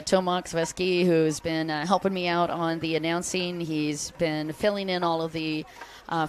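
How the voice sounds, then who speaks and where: A woman's voice: fairly low pitch, a little hiss or hum. A woman announcing a jet ski race live, chatty and upbeat, joking with the crowd. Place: outdoor race venue by the water.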